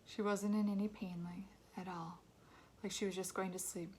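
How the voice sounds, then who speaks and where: A gentle, grieving father from a storybook speaks in a hushed half-whisper, as a woman reading aloud puts him on. The voice stays close to her own, soft and quiet. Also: medium pitch, level tone, normal speed, slight background noise, lightly acted.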